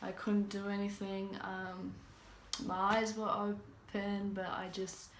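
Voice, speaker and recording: A woman's voice: mid-range voice, little pitch movement, slow, noisy background. A young woman from New Zealand, a vlogger telling a personal story in casual talk, full of fillers and restarts. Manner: rambling, many fillers and restarts. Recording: roomy echoey room.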